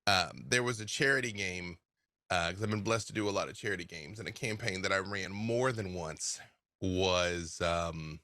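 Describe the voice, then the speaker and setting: Animated man with a bright, dry voice. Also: sits low, moderate pace, no echo. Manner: animated storyteller, laughs often. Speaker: guest game master. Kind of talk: casual interview chat.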